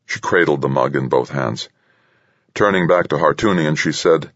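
A man narrating a thriller audiobook in a steady, measured way. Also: a bass voice, dry recording, highs cut off. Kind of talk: scripted narration.

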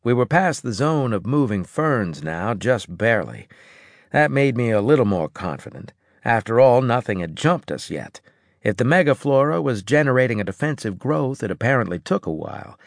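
A man reading a first-person science fiction audiobook in a gruff, clipped way. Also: medium pitch, sing-song, normal speed, no echo, clean studio sound. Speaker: audiobook narrator.

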